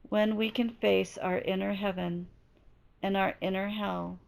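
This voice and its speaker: A woman giving a slow, deliberate spiritual teaching while she is losing her voice. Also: mid-range voice, little pitch movement, gravelly. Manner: slow, deliberate, measured delivery. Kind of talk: slow reflective spoken teaching.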